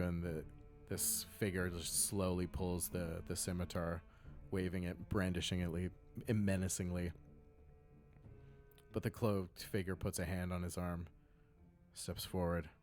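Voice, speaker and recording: A man as game master, narrating a tabletop game with measured, descriptive scene-setting. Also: deep voice, a little mellow.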